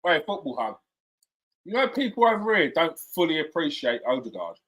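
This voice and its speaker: A man hosting a live football watchalong, reacting excitedly, shouting at players and swearing. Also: a little high, normal speed.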